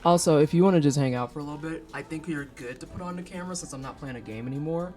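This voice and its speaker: A woman's voice: low-pitched, racing. A woman in her thirties hosting a live stream, chatting casually and telling profane stories, acting out the people she quotes. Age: 30s. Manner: animated, profane storytelling with exaggerated quoted voices. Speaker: streamer host.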